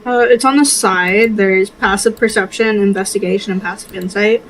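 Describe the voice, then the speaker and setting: A woman's voice: mid-range voice, steady tone, moderate pace, a little hiss or hum, rough recording. A woman player in a tabletop game, chatting casually and giggling.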